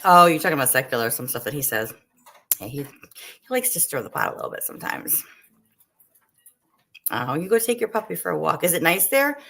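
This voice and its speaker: Chatty woman on a cooking livestream, low gravelly voice, still a bit coughy, dogs barking in the back. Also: big pitch swings, brisk, pauses often, bright, forceful tone, slight background noise. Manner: chatty, talks to viewers and her dogs. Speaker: livestream host. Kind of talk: casual livestream chat while cooking. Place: home kitchen.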